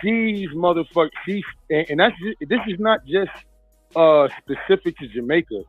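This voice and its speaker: A man's voice: fairly high pitch, expressive, normal speed, no room sound. A man on a casual group chat, telling a story and explaining his point at length. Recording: phone-like dry line with music.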